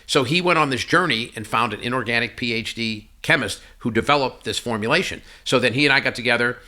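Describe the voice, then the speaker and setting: A man telling a personal story as a podcast guest, animated and acting out each line of dialogue. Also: medium pitch, quick pace. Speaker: podcast guest, company CEO. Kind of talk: conversational storytelling interview.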